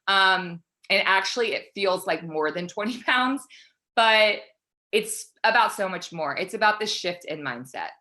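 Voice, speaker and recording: A woman in her thirties, a fitness coach talking fast and excitedly as a guest on a call interview. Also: mid-range voice. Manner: excited, fast-flowing, pep-talk energy.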